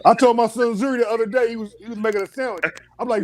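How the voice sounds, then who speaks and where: A man's voice: very high voice, fairly even intonation, rapid-fire, a little mellow, slight background noise. A man chatting casually on a talk show, telling loose, profane stories and acting out quotes from his kids. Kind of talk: casual chat.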